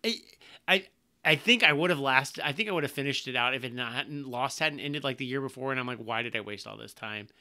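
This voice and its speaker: Bright-voiced animated podcast guy. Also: medium pitch, a little fast. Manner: animated, swears casually, stumbles over words. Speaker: podcast co-host. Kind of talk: casual chat.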